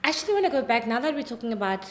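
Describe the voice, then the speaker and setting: A woman's voice: a little high, very animated, racing, a little hiss or hum. A woman hosting a podcast, asking engaged follow-up questions in a casual chat. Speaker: podcast host.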